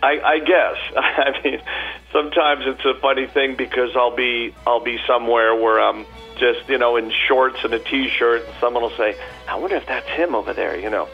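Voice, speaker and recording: A man's voice: medium pitch, flat delivery, normal speed, lo-fi sound, soft background music. A man guest on a radio interview, a chatty storyteller with many fillers and restarts. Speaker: tribute performer guest.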